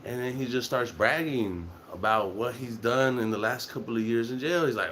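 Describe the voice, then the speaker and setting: A man's voice: mid-range voice, moderate pace, few pauses, a little hiss or hum. A young man telling a casual, profane story and acting out the lines of the people in it. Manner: profane, animated, acts out quotes.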